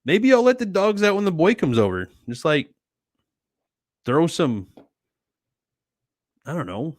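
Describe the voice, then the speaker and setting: A man's voice: fairly high pitch, animated, measured pace, dry recording. Laid-back man chatting on a live stream. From United States. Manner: easygoing, chatty, calls viewers sweetie and dude. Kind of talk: casual chat reading viewer comments. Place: home at night.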